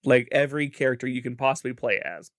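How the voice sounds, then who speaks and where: A man's voice: mid-range voice, quick pace, no room sound, clean studio sound. A man co-hosting a podcast in casual chat, with a Midwestern American accent, playful and laughing often. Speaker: podcast co-host.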